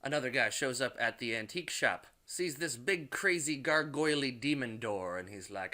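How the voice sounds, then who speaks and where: Dude rambling thru a movie recap, bright voice, swears a lot, says like constantly. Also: male voice, medium pitch, expressive, moderate pace, few pauses. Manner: rambling, loose, with lots of "like" and swearing. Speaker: movie reviewer. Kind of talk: casual, profane movie plot recap.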